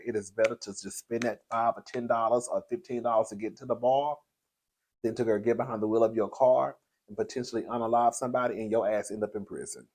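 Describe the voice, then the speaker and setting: A man hosting casual gossip commentary, chatty and sassy, laughing often and calling the audience girl. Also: fairly low pitch. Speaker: host.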